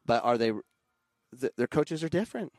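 A man who coaches youth soccer, talking casually and animatedly, jumping up into loud mimicry of other coaches and parents. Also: medium pitch, big pitch swings, normal speed, no room sound. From Arizona. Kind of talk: casual podcast conversation.

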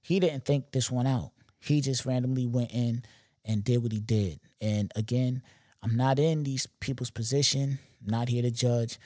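Speaking at a moderate pace with a medium pitch, a young man narrates a story for his podcast. He's emphatic and slangy, regularly turning aside to speak to the listener, and the recording is completely dry.

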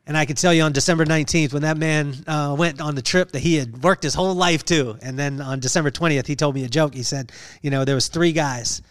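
A man hosting a podcast, telling an emotional personal story in an earnest, halting way with many fillers. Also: fairly high pitch, fairly even intonation, dry recording, clean studio sound. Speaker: podcast host.

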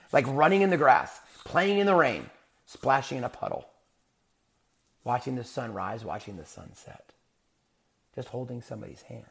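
A man's voice: medium pitch, creaky. A middle-aged man, a life coach, giving an earnest motivational talk full of rhetorical questions. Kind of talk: motivational monologue.

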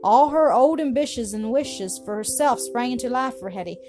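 A woman's voice: fairly high pitch, expressive, normal speed, a little mellow. Woman reading a storybook aloud. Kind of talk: scripted narration of a classic story. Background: music.

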